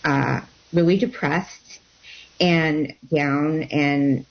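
A woman guest telling a personal story about becoming a healer, in a halting way with many fillers and restarts. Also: low-pitched, steady tone, highs cut off.

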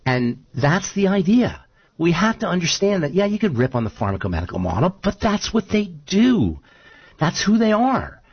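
A man's voice: sits high, huge pitch swings, moderate pace, breathy edge, no echo, muffled recording. A man hosting a casual talk show, rambling and argumentative, making his case with lots of asides. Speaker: show host.

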